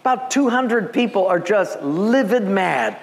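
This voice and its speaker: A man from Hawaii, a pastor, preaching with lively storytelling and acted-out voices. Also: sits high, measured pace. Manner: animated, acts out voices, laughs at himself. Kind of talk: sermon with storytelling. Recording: long church reverb, faint background noise.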